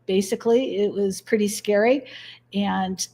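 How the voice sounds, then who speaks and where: A woman's voice: medium pitch, fairly even intonation, a little slow, mellow. Earnest middle-aged woman telling stories. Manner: earnest, acts out quoted dialogue. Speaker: guest. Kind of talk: interview storytelling.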